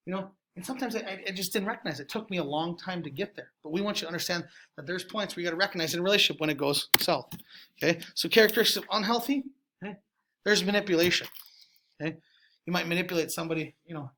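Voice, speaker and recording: A man teaching a class of high school freshmen, casual and talking straight to the students, tagging "okay?" onto almost every sentence, with sudden jumps in loudness. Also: lively intonation, fast. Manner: checks in with "okay?" after nearly every sentence. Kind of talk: classroom lecture.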